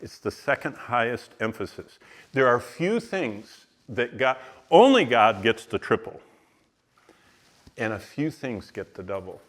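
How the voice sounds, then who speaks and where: A man teaching the Bible to a live audience, his voice at a middle pitch. He talks in an animated way, leans hard on single words and stops to ask the room questions. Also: measured pace. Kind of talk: teaching sermon.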